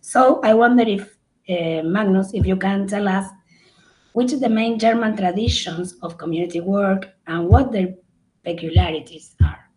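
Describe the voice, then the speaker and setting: A woman's voice: medium pitch, normal speed, darkish tone, poor audio. Latin American woman moderating a session. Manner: polite, hesitant. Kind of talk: moderating a live online session.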